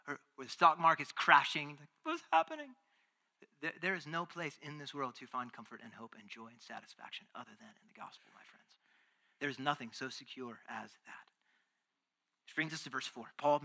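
A male pastor preaching a sermon with emphasis, swinging between hushed passages and loud, fervent ones. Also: a little high.

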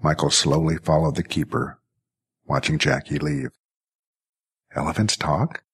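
Deep, husky male story narrator. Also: moderate pace. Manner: steady, even storytelling. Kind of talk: scripted audiobook narration.

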